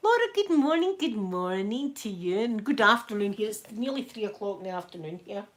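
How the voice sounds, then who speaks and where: Chatting and laughing with her viewers, a Scottish ASMR host irons through a casual live stream from her home. She speaks fairly quickly in a mid-range voice that is a bit bright.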